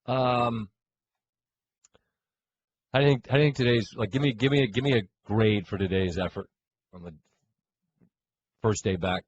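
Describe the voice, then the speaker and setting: A man's voice: lowish voice, steady tone, moderate pace, long pauses, highs cut off, slight background noise. A middle-aged man co-hosting a sports radio show, joking and teasing in casual banter. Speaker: co-host.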